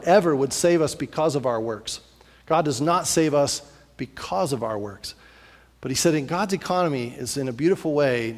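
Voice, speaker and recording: A pastor preaching to his congregation, his voice a little higher than most men's. He tells the story with animated repetition, stacking phrase upon phrase. The sound rings with the long reverb of a church hall. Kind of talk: sermon.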